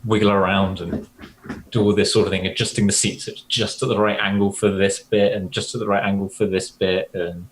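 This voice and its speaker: A man's voice: on the low side, flat delivery, brisk, a little hiss or hum, poor audio. A man describing his character's actions at a tabletop game in a rambling, playful way. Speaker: player. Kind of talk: casual tabletop role-play.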